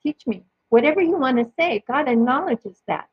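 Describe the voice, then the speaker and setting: A woman hosting a podcast, reading Bible passages aloud in a careful, measured way and adding short personal commentary. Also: high voice, animated, breathy edge, no echo. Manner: careful, measured reading with occasional small slips. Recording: dull lo-fi dry recording.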